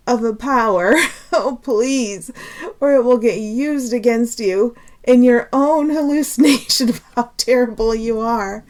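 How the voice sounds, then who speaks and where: Emotional, earnest woman teaching spirit. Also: fairly high pitch. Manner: emotional and earnest, laughs often between phrases; pleading, then calming herself down. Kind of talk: unscripted spiritual talk.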